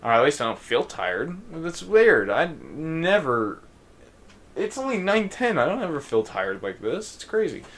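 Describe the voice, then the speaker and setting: A young man giving casual, rambling let's play commentary, thinking out loud. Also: a little high, sing-song, unhurried. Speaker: gaming YouTuber.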